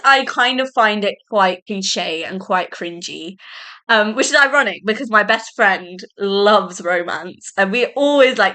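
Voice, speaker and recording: Chatty bright-voiced young woman. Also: medium pitch. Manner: chatty and excitable, many "like"s and tangents. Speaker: podcast host. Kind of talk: casual solo podcast chat.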